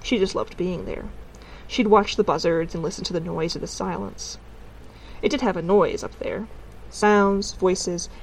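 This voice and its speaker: A woman narrating a storybook in a calm, gently wry telling. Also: mid-range voice, gravelly, slight background noise, poor audio. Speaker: audiobook narrator.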